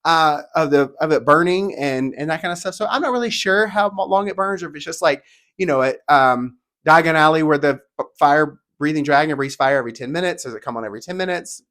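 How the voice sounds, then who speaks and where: Male vlogger, upbeat and chatty, fairly high-pitched, rapid-fire delivery. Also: expressive, a bit bright. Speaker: theme park vlogger. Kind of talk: casual solo video talk, reading descriptions aloud.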